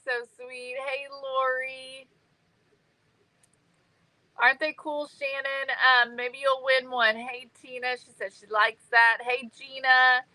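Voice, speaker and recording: A woman's voice: high-pitched, flat delivery, slow pace, bright, forceful tone, low-quality recording. A woman hosting a craft live stream, bubbly and chatty, greeting viewers by name. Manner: bubbly and chatty, many ums. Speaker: livestream host.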